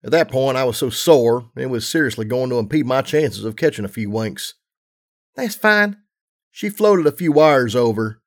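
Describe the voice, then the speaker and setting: A man reading a story aloud, narrating in a steady, even storytelling manner. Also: mid-range voice, moderate pace, hardly any pauses. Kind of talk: audiobook reading of fan fiction.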